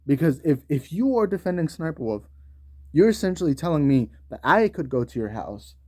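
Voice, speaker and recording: A man's voice: a little high, big pitch swings, a little fast, a little mellow, dry recording. A man delivering a heated, profanity-laced commentary rant on video, talking in slang. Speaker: YouTube commentator.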